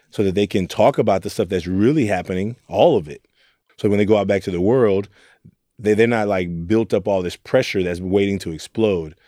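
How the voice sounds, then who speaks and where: A man's voice: deep voice, dark tone, no room sound, clean studio sound. A young man from Oakland, a youth mentor, speaking candidly and reflectively in an interview. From Oakland, California. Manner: earnest, reflective storytelling with quoted asides.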